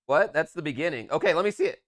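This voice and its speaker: A man streaming a game from a room at home, chatting in a playful way that swings between low muttering and loud calls. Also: lively intonation, quick pace, no room sound, studio quality. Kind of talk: live gameplay commentary.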